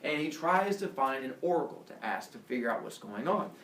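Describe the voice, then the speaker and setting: A man, a teacher, telling a myth to a class in a playful, lively way with sound effects. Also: medium pitch, fairly quick, slight background noise. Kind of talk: animated storytelling to a class. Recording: echoey room, mic far off.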